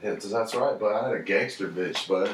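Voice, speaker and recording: A man hosting a podcast, teasing his friend loudly with constant swearing and casual trash talk. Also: on the low side, fairly quick. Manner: brash, teasing, heavy swearing. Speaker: podcast host. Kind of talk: casual profane banter. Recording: echoey room, distant mic, faint noise.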